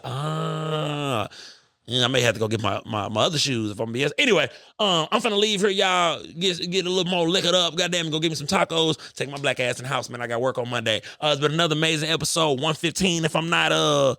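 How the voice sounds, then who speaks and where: A man in his thirties hosting a podcast, telling stories in an animated, profane, bantering way. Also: fairly high pitch, gravelly, dry recording, studio quality. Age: 30s. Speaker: podcast host. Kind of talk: casual podcast chat.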